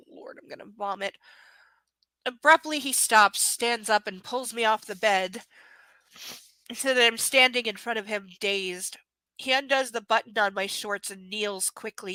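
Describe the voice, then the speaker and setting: A woman's voice: mid-range voice, bright, forceful tone, no echo, low-quality recording. Sarcastic woman reading a romance aloud. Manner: sarcastic, mocking asides. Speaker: live-stream book reader. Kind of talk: reading a novel aloud with commentary.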